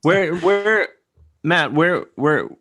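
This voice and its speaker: A man hosting a casual talk show, speaking in halting bursts with fillers. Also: fairly high pitch, lively intonation, fairly bright tone. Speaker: show host. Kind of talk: casual chat.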